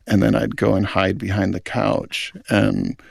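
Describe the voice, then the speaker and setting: Man, middle-aged, film director guest, heavy vocal fry, dry close sound, earnest and reflective. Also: lowish voice, level tone, a little slow, no room sound. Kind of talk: reflective interview talk.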